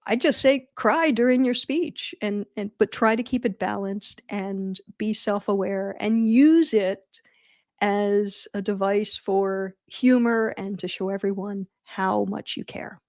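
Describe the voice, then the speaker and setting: A middle-aged woman hosting a live advice Q&A on wedding speeches, chatty and animated, with self-deprecating jokes. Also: mid-range voice, slow, no room sound, clean studio sound. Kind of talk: casual livestream advice.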